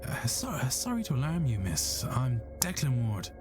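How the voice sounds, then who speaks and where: A man's voice: medium pitch, huge pitch swings, normal speed. A man voicing a polite, hesitant young man in a video game, apologizing as he introduces himself. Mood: apologetic. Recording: game audio with music behind.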